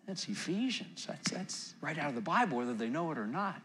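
Man, middle-aged, pastor, sermon, bright timbre, animated swings from loud to soft. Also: on the high side, brisk, hardly any pauses. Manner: animated preaching, swings from loud emphasis to near-whisper.

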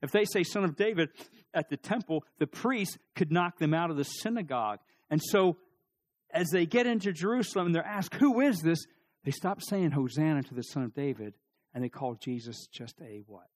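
Middle-aged man, pastor, slightly high voice, animated sermon delivery with loud peaks and voiced characters. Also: moderate pace. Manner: animated preaching, acting out crowd voices, rising to loud peaks. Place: church.

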